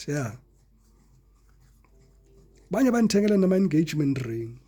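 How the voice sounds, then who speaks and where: A man's voice: fairly high pitch, measured pace, dark tone, breathy edge. A man with a South African accent giving a casual tarot reading to viewers, chatty and playful, mixing languages as he talks. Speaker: tarot reader.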